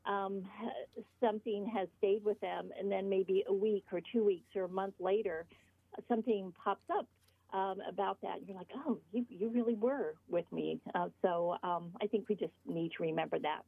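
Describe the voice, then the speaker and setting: A woman's voice: medium pitch, steady tone, normal speed, gravelly, husky, no echo. Woman guest on a tinny phone line. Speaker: author guest. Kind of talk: interview over the phone.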